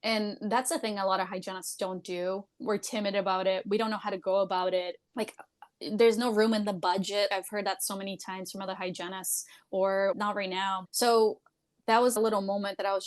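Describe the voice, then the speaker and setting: Woman, dental hygienist, podcast guest, loud, giggly, laughs often, blunt, casual swearing, candid storytelling. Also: medium pitch, steady tone, a little fast.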